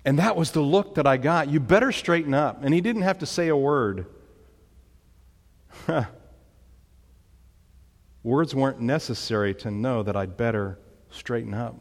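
A man's voice: mid-range voice, unhurried, long pauses, big-room sound. A man preaching a sermon, emphatic, with dramatic rises when he quotes commands. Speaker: pastor.

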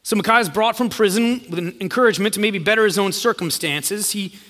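A male preacher with a high, bright voice delivers a sermon and retells the story, voicing its quotes in an easy conversational way. His voice carries a long reverb from a church hall. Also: brisk. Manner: storytelling, acts out quoted lines in a casual voice.

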